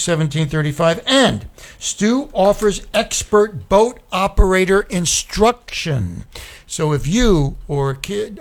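A man hosting a radio talk show, reading sponsor spots in a loose, chatty way with lots of ums and uhs. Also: high voice.

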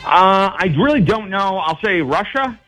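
Male radio caller, high bright voice, lively, easygoing. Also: measured pace, faint music behind, rough recording. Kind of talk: casual call-in chat.

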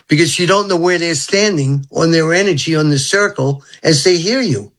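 This older man from Brooklyn talks in an earnest, rambling way, drifting from spiritual musings into childhood stories. His voice sits a little high for a man. He is a guest on a radio interview. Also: normal speed, few pauses, a bit bright. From Brooklyn, New York. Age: 70s.

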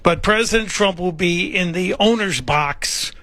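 A man's voice: high-pitched, unhurried, sharp tone, no echo. A middle-aged man hosting political talk radio, delivering sarcastic, mocking commentary. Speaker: radio talk show fill-in host.

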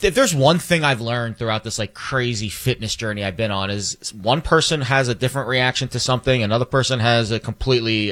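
A man's voice: medium pitch, fairly bright tone. Rambling, hesitant man in sports talk. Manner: rambling, hesitant, many fillers and restarts, playful comparisons. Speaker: sports show co-host. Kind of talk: casual sports debate.

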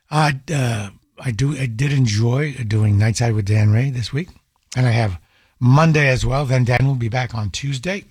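A middle-aged man hosts a call-in radio talk show in a medium-pitched voice with a breathy edge, recorded studio-clean with no room sound. He talks casually with many fillers and restarts, firing off exasperated rhetorical questions.

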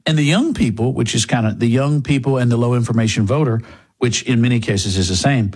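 A man's voice: mid-range voice, fairly quick, a little mellow, slightly rough. A man hosting a political commentary show, delivering a sarcastic, mocking opinion monologue.

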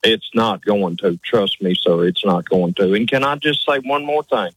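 Polite folksy male caller, husky voice. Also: lowish voice, normal speed, a bit bright, no echo. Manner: polite, says sir often, folksy. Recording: phone-line caller audio.

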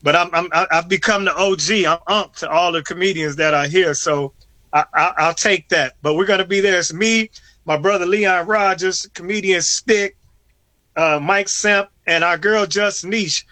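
A man's voice: high-pitched, fairly even intonation, moderate pace, bright, forceful tone, no room sound. A man, a comedian joining a radio talk show by remote video call, joking conversationally with some stammering restarts. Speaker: comedian guest. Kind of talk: casual radio interview.

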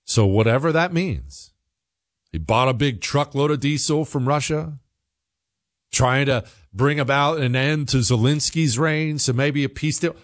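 Here a US political commentary host with a medium-pitched voice gives an opinionated monologue, repeating himself and speaking with emphasis as his case takes shape. It sounds like a studio recording with no echo.

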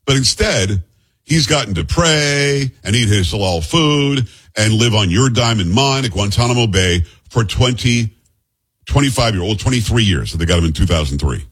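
A man's voice: fairly low pitch, lively intonation, normal speed, fairly bright tone, breathy edge. A man hosting a talk show, giving blunt, heated commentary on the news and sometimes stumbling over names. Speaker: host.

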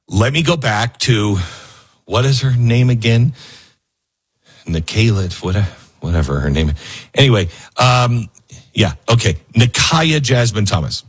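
A man with a medium-pitched, slightly breathy voice hosts a political talk show, delivering opinionated commentary in an animated way. He laughs often and repeats himself for emphasis.

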